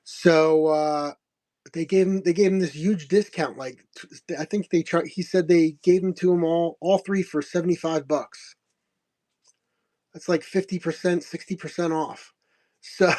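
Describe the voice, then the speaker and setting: A middle-aged man with a slightly high voice tells a story in a loose, casual way. He rambles, chuckles often and acts out the lines of the people in his story. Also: normal speed, pauses often, darkish tone. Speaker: host of a comics selling stream.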